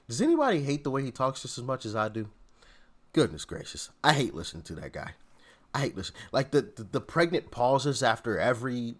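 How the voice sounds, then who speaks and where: A man's voice: mid-range voice, big pitch swings, normal speed, long pauses. A man hosting casual political reaction commentary, laughing and exasperated, talking in informal slang.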